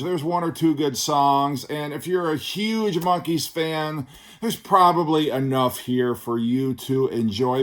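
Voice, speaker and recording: A man giving a casual album review as the channel's host, blunt and sarcastic, swearing freely. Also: mid-range voice. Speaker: record reviewer.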